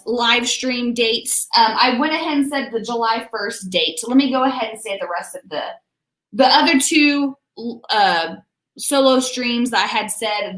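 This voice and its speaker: A woman's voice: mid-range voice, fairly bright tone. A young woman hosting a writing livestream, chatting casually and bubbly with viewers. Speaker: writing channel host. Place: home room. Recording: echoey room.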